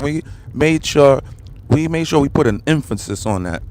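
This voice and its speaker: A man's voice: on the high side, animated, normal speed, a little mellow. American guy ranting on his livestream, keeps repeating himself, fires off questions, talks right to his chat. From United States. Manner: heated, repetitive ranting with rhetorical questions; addresses viewers and the comment section directly. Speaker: livestream host. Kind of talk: political commentary livestream.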